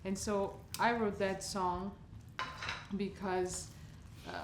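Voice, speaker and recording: Brief: woman from portugal, relaxed talk, echoey kitchen with faint sizzle. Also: mid-range voice, slow, background noise. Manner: relaxed, reflective, laughs often. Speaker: guest singer. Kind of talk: casual chat while cooking. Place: home kitchen.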